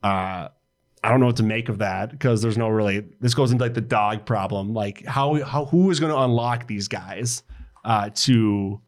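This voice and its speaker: A man's voice: fairly low pitch, moderate pace. A man co-hosting a casual basketball podcast, talking in a rambling, easygoing way with many fillers and frequent laughs. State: new father. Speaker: podcast co-host. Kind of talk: casual sports chat.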